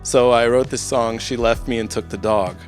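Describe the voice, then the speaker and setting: A man, a guest film composer, talking in a reflective, halting way with many restarts in casual conversation. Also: medium pitch, steady tone, faint music behind.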